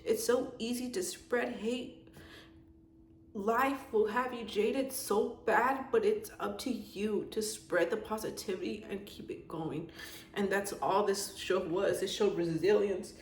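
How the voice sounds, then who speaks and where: A woman's voice: medium pitch, fairly even intonation, slow pace. A young woman vlogger giving a casual, heartfelt, rambling review with lots of fillers. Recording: echoey room with faint background noise.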